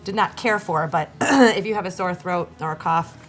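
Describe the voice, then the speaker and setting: A woman's voice: on the low side, moderate pace, soft background music. A woman co-hosting a TV talk show, explaining things in a practical, matter-of-fact way. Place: indoors at a home showroom.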